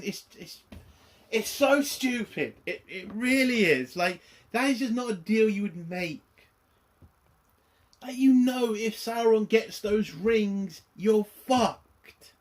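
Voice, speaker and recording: Exasperated man, sarcastic review. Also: high-pitched. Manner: exasperated, sarcastic, swears often. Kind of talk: casual spoken review.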